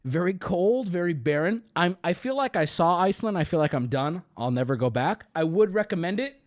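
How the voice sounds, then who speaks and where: Animated, profane young man streaming. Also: high voice, a little fast. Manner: rambling, profane, animated storytelling. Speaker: streamer host. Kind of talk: casual livestream chat.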